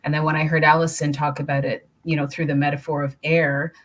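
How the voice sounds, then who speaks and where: A woman speaking as a panel guest, thoughtful and measured, asking rhetorical questions. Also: sits low, little pitch movement. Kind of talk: panel discussion.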